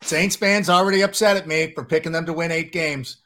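Animated, jokey podcast host, man. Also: on the high side, fairly quick. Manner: animated, jokey storytelling with acted-out quotes. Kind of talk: casual podcast conversation.

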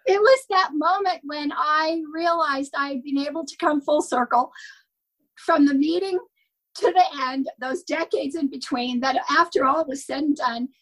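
A woman's voice: high-pitched, a bit bright, low-quality recording. An older woman telling personal stories in a wistful way, laughing now and then as a podcast guest. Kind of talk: storytelling in casual chat.

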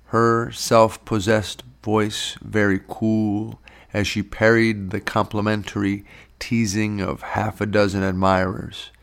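A man narrating a novel in a measured, unhurried storytelling manner. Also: lowish voice. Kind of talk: audiobook narration.

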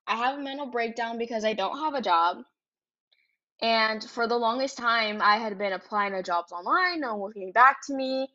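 A woman's voice: fairly high pitch, normal speed, fairly bright tone, highs cut off. A young woman in her twenties hosting a podcast, telling a personal story in a candid, chatty way, swearing freely and tagging her sentences with "like" and "right?". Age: 20s. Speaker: podcast host.

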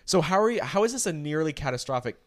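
A man's voice: on the high side, big pitch swings, fast. A man co-hosting a casual celebrity news podcast, asking incredulous, sarcastic questions and reading news excerpts aloud with asides. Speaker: podcast co-host.

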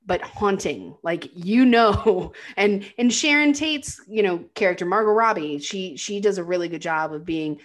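A woman's voice: medium pitch, normal speed, few pauses. Woman chatting about a movie, acts out the lines, laughs a lot, casual podcast vibe. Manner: animated retelling, quoting characters, laughing. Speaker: podcast co-host. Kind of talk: casual film recap chat.

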